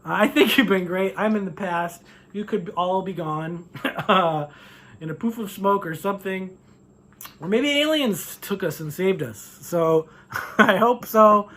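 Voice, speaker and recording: A man performing a stand-up set, animated, often laughing and acting out voices. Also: high-pitched, unhurried. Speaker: stand-up comedian.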